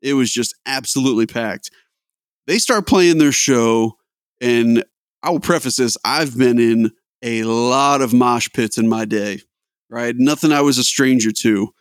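A young man co-hosting a casual podcast chat, telling stories in an animated, lively way. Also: medium pitch, measured pace, no echo, studio quality. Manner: animated storyteller. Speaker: podcast co-host.

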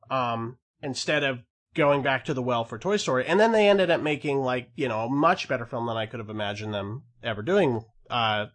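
This man co-hosts a podcast, rambling through casual chat with many fillers and restarts. His voice is mid-range and a bit bright.

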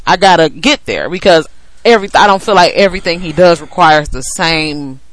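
A woman's voice: lowish voice, lively intonation, moderate pace, poor audio. A woman co-hosting a podcast in casual chat, earnestly explaining her views at length with fillers like "like". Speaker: podcast co-host.

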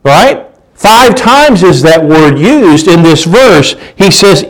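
A man's voice: high-pitched, sing-song, slow, rough recording. Conversational man preaching a sermon. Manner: conversational, repeats words while searching, asks rhetorical questions.

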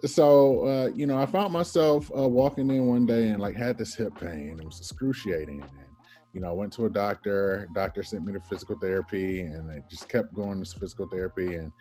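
A man in his thirties, a podcast guest telling an animated personal story and acting out the people in it. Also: lowish voice, fairly quick, faint music behind. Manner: animated storyteller, acts out quoted voices, laughs often.

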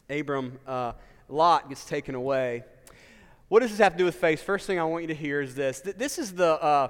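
A male pastor preaches in a loose, conversational style, tossing in rhetorical questions and asides. His voice sits high and comes through smooth and resonant. It carries a long reverb, as if recorded in a church hall. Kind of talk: sermon.

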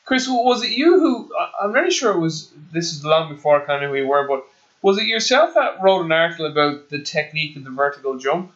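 A man's voice: a little high, lively intonation, fast, a bit bright, dull audio. A man from Ireland hosting a podcast, asking long questions with hesitant restarts. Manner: hesitant, repeats words when asking questions. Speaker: podcast host. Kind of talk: podcast interview.

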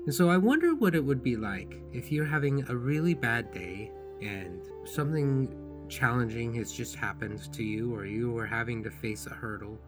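A man hosting his own podcast, telling personal stories in a gentle, unhurried, tender way. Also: mid-range voice. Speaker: podcast host and author. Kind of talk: reflective personal podcast monologue.

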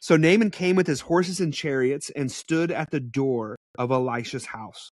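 A man teaching from the Bible in a casual preaching style, conversational and animated with blunt asides. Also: mid-range voice, moderate pace, no echo, clean studio sound.

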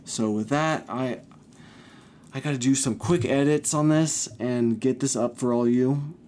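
Emotional man with a mellow voice. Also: medium pitch, measured pace, a little hiss or hum. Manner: emotional, rambling, swears often. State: recovering from illness, shaky. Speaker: podcast host. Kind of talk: casual personal monologue.

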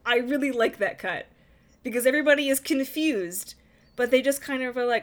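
A woman chatting casually about a film, animated, dropping into quieter asides. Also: sits high, a little fast. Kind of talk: casual chat.

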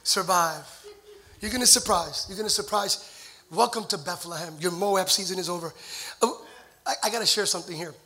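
A man in his forties, a pastor preaching a sermon to his church, telling a story and building to shouted climaxes. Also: sits high, normal speed. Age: 40s. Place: church sanctuary.

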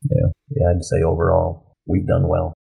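A male college instructor chatting casually about the course he co-teaches, repeating words and adding quick asides. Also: deep voice, completely flat delivery, creaky, warm tone, slightly rough. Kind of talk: casual conversation.

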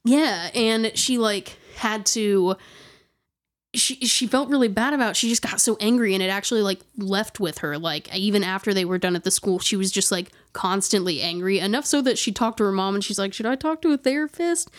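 Speaking at normal speed in a mid-range voice, a woman casually relates a creepy tale to a friend. Her telling wanders, full of restarts, sentences that fade out, and endless "like"s.

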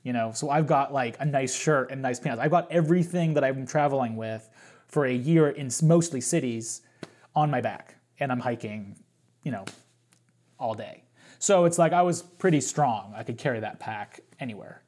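A man's voice: medium pitch, normal speed, a little mellow. A man talking as a podcast guest, telling a long story in a casual, rambling way, full of fillers and restarts.

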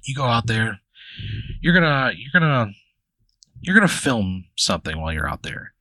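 A man's voice: medium pitch, very animated, normal speed, pushed and bright, no echo. A man hosting a comedy podcast, improvising a long hypothetical story in a rambling, profane way full of fillers and restarts.

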